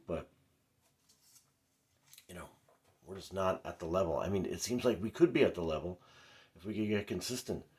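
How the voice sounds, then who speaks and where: A middle-aged man with an extremely low, darkish voice recaps a basketball game as a frustrated fan in a casual sports vlog. His commentary rambles, full of fillers and asides.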